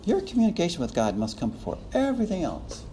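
A man's voice: high voice, wildly swooping pitch, quick pace, noisy background. A man teaching a preaching class in a classroom, chuckling often and acting out little quotes as he lectures. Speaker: preaching instructor.

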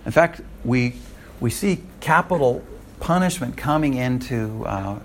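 A man's voice: mid-range voice, expressive, measured pace, slight background noise. American man teaching a Bible class. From United States. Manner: conversational, checks in with the class. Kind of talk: classroom lecture.

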